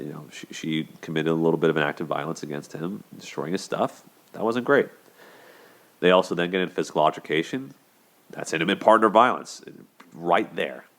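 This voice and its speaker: In a very deep, gravelly, slightly bright voice, a man hosting a show chats casually about relationships. His talk is loose and conversational, peppered with "you know," "like," and restarted sentences.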